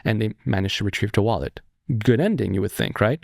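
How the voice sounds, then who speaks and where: A man hosting a casual political podcast, telling stories in an animated way and acting out the people he quotes. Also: lowish voice, fast, vocal fry, no echo, studio quality. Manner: animated storyteller, acts out quoted voices. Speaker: podcast host.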